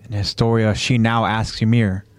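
A man narrating an anime recap casually, in an animated way that keeps jumping ahead. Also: fairly low pitch, clean tone, no echo, clean studio sound. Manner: animated, quick to jump ahead, loose fillers.

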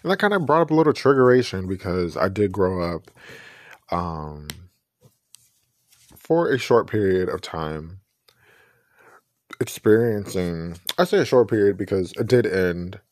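A man's voice: deep voice, animated, unhurried, long pauses, dry recording. A man giving a casual, rambling video review, often correcting himself and speaking openly about personal feelings. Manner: rambling, self-correcting, emotionally open. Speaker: vlogger reviewing a documentary.

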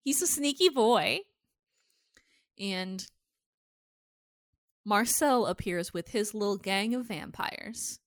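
A woman's voice: mid-range voice, slow pace, long pauses, no echo, clean studio sound. A woman hosting a podcast in casual chat, recapping a show animatedly and cursing freely. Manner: animated, swears freely, acts out characters' lines. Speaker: podcast host recapping episodes.

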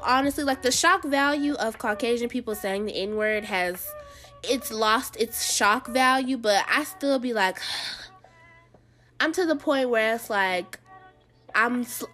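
A woman's voice: fairly high pitch, fairly bright tone. A woman hosting a show, giving casual pop-culture commentary in a blunt, sassy way and talking straight to her viewers. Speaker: show host.

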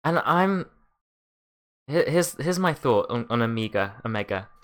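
New zealand man, casual chat, relaxed, lots of fillers and restarts. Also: medium pitch, unhurried, a little hiss or hum.

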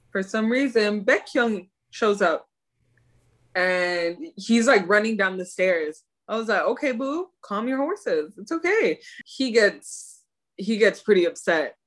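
A young woman co-hosting a podcast, chatting in an animated way and ranting with laughter. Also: medium pitch, slow pace. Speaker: podcast co-host. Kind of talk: casual chat.

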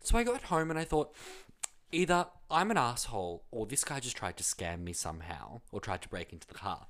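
Australian man, casual storytelling, lively pitch, acts out quotes. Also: a little fast.

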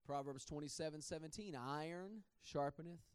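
A man's voice: fairly high pitch, normal speed, clear, resonant tone, dry recording. A man preaching a sermon in a conversational way, often repeating words and laughing at himself.

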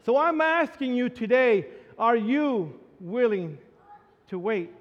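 Male pastor, high-pitched, storytelling sermon style with emphatic peaks, muffled church recording. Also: lively intonation, takes it slowly, in a large hall. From Latino background. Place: church sanctuary.

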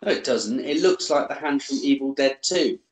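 A man's voice: medium pitch, normal speed, echoey room, faint music behind. A man chatting casually on a podcast, making dry, contrary remarks. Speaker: podcast co-host. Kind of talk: casual chat.

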